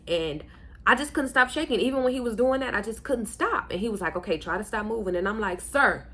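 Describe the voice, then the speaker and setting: A young woman with a Houston accent tells a personal story in a casual vlog. She acts out what people said by jumping her pitch. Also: brisk, husky. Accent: Houston, Texas. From Houston, Texas. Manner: animated, acts out quoted lines with pitch jumps. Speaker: vlogger, first-time mom.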